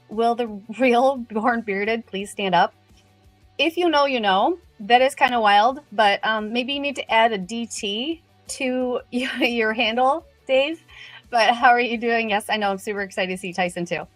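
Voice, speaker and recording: A middle-aged woman hosting a casual livestream, upbeat and a little nervous, greeting viewers one by one in quick, chatty bursts. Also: on the high side, fairly bright tone, no echo, soft background music. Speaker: livestream host.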